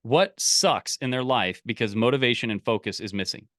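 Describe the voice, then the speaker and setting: Energetic male coach running a live call. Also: medium pitch, moderate pace, no room sound, studio quality. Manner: energetic, many restarts and repeats. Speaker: business coach. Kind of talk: live online coaching session.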